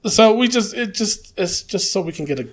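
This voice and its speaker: A man's voice: high-pitched, lively intonation, normal speed. A man co-hosting a wrestling podcast, talking casually with many fillers and frequent laughs. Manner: laid-back, laughs often, hesitant with fillers. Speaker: podcast co-host.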